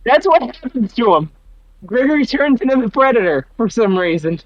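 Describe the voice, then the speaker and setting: A man chatting casually as a podcast host, swearing often and reacting quickly. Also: very high voice, big pitch swings, no echo, highs cut off. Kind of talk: casual chat.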